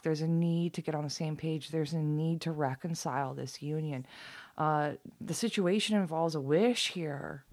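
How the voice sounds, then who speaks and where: A woman giving a casual tarot reading, drifting into soft whispers and trailing phrases. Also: low-pitched. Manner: swearing, giddy, laughing often. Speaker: tarot reader.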